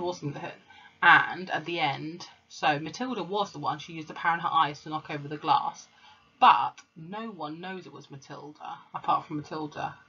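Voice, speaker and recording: Husky woman reading a children's book aloud. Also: low voice, bright, forceful tone. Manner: casual, with fillers and corrected slips. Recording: dull lo-fi recording.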